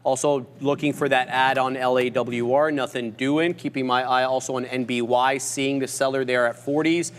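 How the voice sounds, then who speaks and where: A man co-hosting a live trading stream, calmly talking through his positions and price levels. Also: mid-range voice, normal speed, hardly any pauses. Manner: steady, methodical, talks through patience and levels. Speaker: co-host trader.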